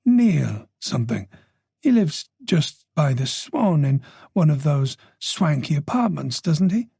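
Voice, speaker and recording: A man's voice: on the high side, big pitch swings, slow, creaky, warm tone, husky, no echo, clean studio sound, heavily acted. Man voicing a gossipy Dublin-born older woman. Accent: faint Dublin Irish. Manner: gossipy, nosy, playful.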